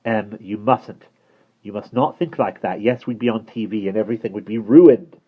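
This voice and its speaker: A man's voice: on the low side, moderate pace, slightly rough. A man reading aloud and voicing an earnest, worried young boy in a storybook, talking urgently over a tinny, phone-like recording. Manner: urgent, insistent.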